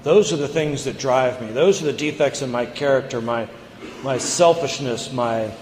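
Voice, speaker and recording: Guy telling his recovery story, earnest and halting, big echoey hall with long reverb. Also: mid-range voice, a little mellow, a little hiss or hum. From United States. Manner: earnest, halting, repeats words. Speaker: recovery meeting speaker. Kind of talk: personal recovery share.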